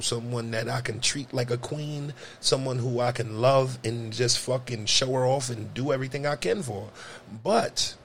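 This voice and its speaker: A man in a casual podcast conversation speaks bluntly and swears freely. He drives his points with animated, storytelling energy. His voice sits at an ordinary middle pitch over a faint ambient hum. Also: vocal fry. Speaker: podcast co-host. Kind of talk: casual chat.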